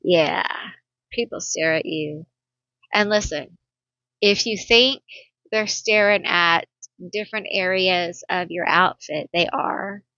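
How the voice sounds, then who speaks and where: A woman's voice: lowish voice, takes it slowly, long pauses, sharp tone, no room sound, muffled recording. A woman giving a pick-a-card tarot reading, blunt and sassy, laughing often. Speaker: tarot reader.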